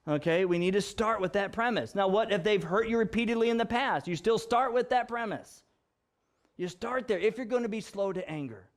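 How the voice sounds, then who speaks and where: A pastor delivering a sermon to his congregation in a high, light male voice. He teaches step by step, unpacks the meaning of words, and teases his listeners with easy laughter. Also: a little fast.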